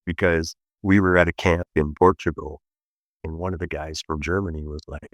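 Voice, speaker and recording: A middle-aged man guests on a podcast as a martial arts instructor. He has a low, deep voice and tells animated, blunt, joking stories. The sound is dry and close. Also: fairly quick, no echo. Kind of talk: casual interview chat.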